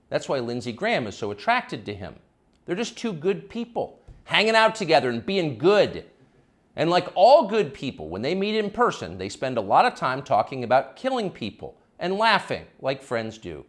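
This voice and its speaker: Brief: man, opinion-show host, mocking scripted monologue, extremely animated pitch. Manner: sarcastic, mocking delivery with sudden high swoops.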